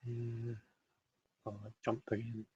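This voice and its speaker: A man's voice: medium pitch, completely flat delivery, takes it slowly, mellow, husky, lo-fi sound. A man hosting a livestream, chatting casually, reading out viewer comments with giggly, self-deprecating asides. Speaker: livestream host reading tarot.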